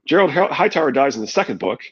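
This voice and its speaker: A man's voice: medium pitch, sing-song, fast, a bit bright, husky, lo-fi sound. A man reading a novel aloud and adding wry, thoughtful commentary. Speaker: podcast host reading aloud.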